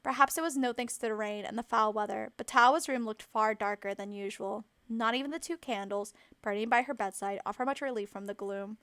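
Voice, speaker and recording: A woman streamer reading a visual novel aloud with expressive, self-mocking asides. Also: fairly high pitch, a little fast, hardly any pauses, clear, resonant tone, no room sound. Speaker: let's play streamer.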